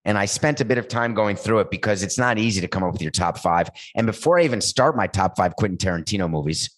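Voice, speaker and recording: A man hosting a talk show, riffing playfully and rambling, with sudden jumps in pitch. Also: lively intonation, quick pace. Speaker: show host. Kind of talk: comedic talk-show monologue with ad read.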